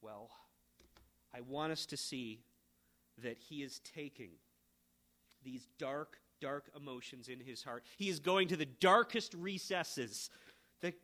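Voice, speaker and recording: Bright-voiced man preaching a sermon. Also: medium pitch, takes it slowly, long pauses. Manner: emphatic, rising to fervent peaks then dropping quiet. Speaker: pastor.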